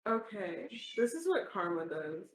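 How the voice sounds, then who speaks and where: A woman playing a tabletop game, telling her character's story in an unhurried, giggly way. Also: lowish voice, sing-song, slight background noise. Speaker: player. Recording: roomy echo.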